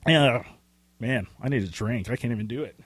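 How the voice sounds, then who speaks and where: A man co-hosting a casual pop-culture podcast. He talks in a rambling, excitable way with casual swearing, and his voice is getting hoarse. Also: medium pitch, moderate pace, no echo. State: losing his voice. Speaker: podcast co-host. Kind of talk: casual chat.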